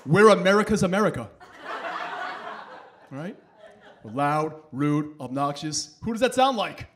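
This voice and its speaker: A man doing a loud, animated stand-up set in the back room of a bowling alley, working the crowd. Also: on the high side, a little hiss or hum. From New York. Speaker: stand-up comedian.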